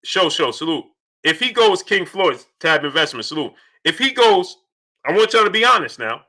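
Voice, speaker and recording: Bright-voiced man hosting a livestream. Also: a little high, big pitch swings, moderate pace. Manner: rhetorical, repeats questions, shouts out viewers. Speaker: boxing channel host. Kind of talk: livestream commentary, reading chat.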